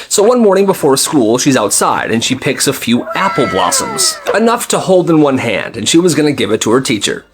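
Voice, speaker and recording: A young man in casual, animated storytime narration who laughs and acts out voices. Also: medium pitch, normal speed, few pauses, slight background noise.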